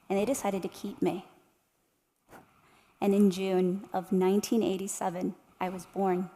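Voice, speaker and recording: Speaking in a large hall, a woman in her thirties delivers an inspirational keynote to a live crowd, posing rhetorical questions with real passion. Her voice is medium in pitch and a little mellow.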